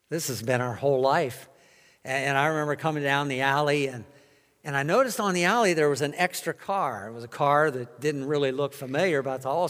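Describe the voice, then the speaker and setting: A man's voice: fairly high pitch, a bit bright, big-room sound. A middle-aged man preaching a sermon as a pastor, telling a personal story earnestly with frequent restarts. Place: church sanctuary.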